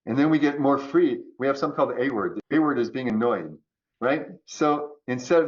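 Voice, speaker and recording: A man talking as a podcast guest about choice and resilience, acting out quoted voices in an animated way. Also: mid-range voice, fairly quick, dull audio. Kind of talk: conversational coaching talk.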